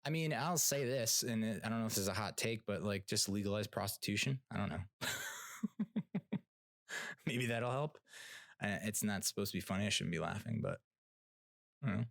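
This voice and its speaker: A man with a fairly low voice talks through a solo podcast rant, loose and unscripted, stumbling over restarts and fillers. He is blunt and swears freely. The sound is dry and close, with no room around it. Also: animated, moderate pace, vocal fry, long pauses, a bit bright, no room sound. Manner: rambling, many fillers and restarts, blunt and profane. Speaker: podcast host. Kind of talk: casual solo rant and TV review.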